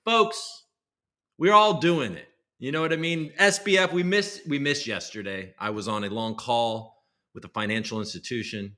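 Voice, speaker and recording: A young man hosting a casual livestream, rambling and sarcastic, jumping from loud bursts to low muttered asides. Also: normal speed. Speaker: host.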